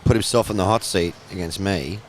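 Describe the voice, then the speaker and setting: A man's voice: deep voice, a little fast, a little hiss or hum. A man commentating live on a pool match, chatty and explaining the play to viewers.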